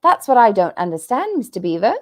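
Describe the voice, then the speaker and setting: An earnest, sincere young boy from a storybook, voiced by a woman reading aloud, asking questions in a lively, rising voice. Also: medium pitch, brisk, pitched above the performer's own voice, natural voice. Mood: puzzled.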